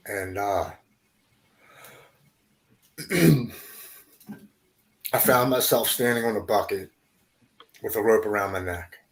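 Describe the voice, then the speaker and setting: A man, a podcast guest, telling his recovery story haltingly, repeating words and going quiet at hard moments. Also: fairly low pitch.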